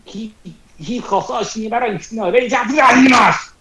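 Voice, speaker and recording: Man doing a slow, broken-speaking Genasi warrior. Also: extremely high pitch, crowd noise. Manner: broken, article-dropping speech. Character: brooding male Genasi warrior, broken speech. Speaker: player. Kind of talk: tabletop role-play in character. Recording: roomy echo.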